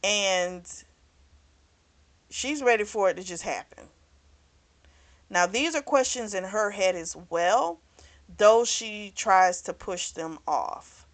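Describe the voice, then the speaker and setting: A woman's voice: mid-range voice, slow pace, pauses often. Chatty woman recapping a book. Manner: chatty, many fillers like "you know"; acts out characters' lines in a raised voice. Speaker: book reviewer. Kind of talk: casual book review, retelling the plot.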